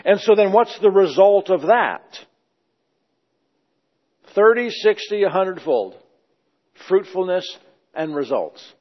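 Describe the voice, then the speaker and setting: A man's voice: high voice, lively intonation, slow pace, pauses often. Emphatic man preaching in an echoey hall. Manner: emphatic, repeating phrases in praise. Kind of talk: sermon. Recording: dull, echoey hall sound.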